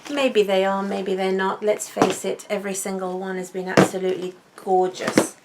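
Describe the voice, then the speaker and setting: A woman in a relaxed, intimate chat, gushing and repeating words for emphasis. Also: mid-range voice, moderate pace, heavy background noise. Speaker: wig vlogger.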